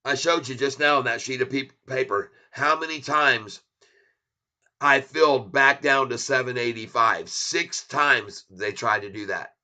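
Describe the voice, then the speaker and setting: A man's voice: medium pitch, measured pace, pushed and bright. A man hosting a long stock market livestream, chatting casually and rambling as he thanks viewers by name. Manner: tries broken French and Spanish.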